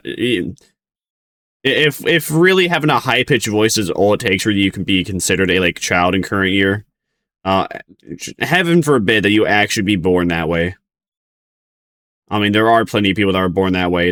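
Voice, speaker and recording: A man's voice: sits low, a little fast, fairly bright tone. A man streaming casual reaction commentary, rambling with frequent laughs and mocking sing-song outbursts.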